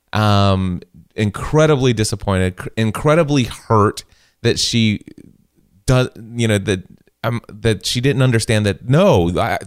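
Animated man in his forties telling a story. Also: fairly low pitch, clean tone, no echo, studio quality. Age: 40s. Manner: animated storytelling, quoting himself. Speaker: podcast host. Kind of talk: casual chat.

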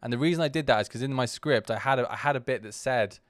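A podcast host talks casually and candidly about his own video, rambling and restarting often with a self-deprecating manner. His voice sits at medium pitch and he speaks fast. The studio audio is clean with no echo.

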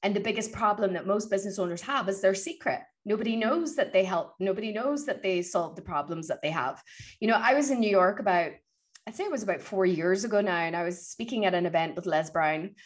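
A woman guest on an interview, coaching on public speaking and telling stories in an energetic, motivational way. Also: mid-range voice, a little fast. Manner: energetic, motivational, animated retelling. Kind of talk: conversational interview, storytelling.

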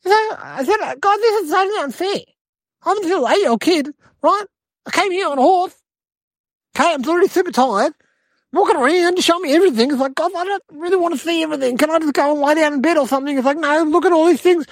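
A woman voicing an eight-year-old city boy, telling a rambling comedic story in a whiny, excitable way. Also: high-pitched, quick pace, hardly any pauses, no room sound. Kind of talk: comedic character monologue.

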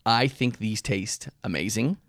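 A man's voice: lowish voice, a little slow, fairly bright tone, no echo, studio quality. A man in his thirties co-hosting a podcast, telling candid personal stories in casual chat and laughing often. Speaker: podcast co-host, husband.

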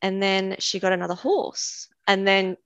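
A woman's voice: mid-range voice, fairly even intonation, a little slow, a bit bright, clear, resonant tone, dry recording, highs cut off. A woman with an Australian accent, a guest animal communicator who tells chatty stories and laughs often. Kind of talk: casual conversation.

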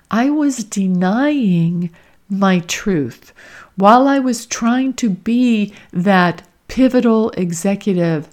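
A middle-aged woman shares a reflective personal story on her podcast. She speaks slowly and deliberately, taking her time over each phrase, in an earnest, heartfelt way. Her voice sits at an ordinary middle pitch. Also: a little mellow. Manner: slow, earnest and heartfelt, with emotional emphasis. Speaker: podcast host and career coach.

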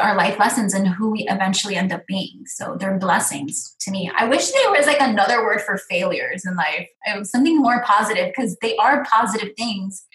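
Woman guest, earnest and rambling, mid pitch, echoey room. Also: a bit bright, slight background noise. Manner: earnest, rambling, many fillers. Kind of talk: casual interview chat. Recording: roomy echo.

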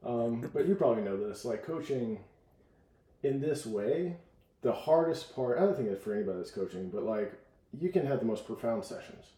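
A man coaching in a casual podcast conversation, telling stories with lively acted-out quotes. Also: mid-range voice, moderate pace, reverberant. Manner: animated storyteller, acts out voices in quotes.

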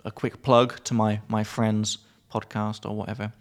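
A young man co-hosting a podcast, explaining vocabulary in a relaxed, giggly way and slowing down to spell out each word. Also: fairly low pitch. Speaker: podcast co-host, English teacher. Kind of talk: casual chat explaining vocabulary.

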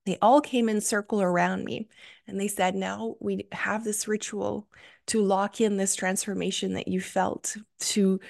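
A woman's voice: medium pitch, vocal fry, darkish tone. A young adult woman hosting a solo podcast, telling a story with gushing enthusiasm and many fillers. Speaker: podcast host.

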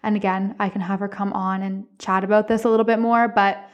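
A woman hosting a podcast, telling personal stories in a casual, expressive way with frequent laughter. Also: mid-range voice, fairly quick, lo-fi sound. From Canada. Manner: expressive, chatty, laughs often; speaks candidly, with some swearing. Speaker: podcast host.

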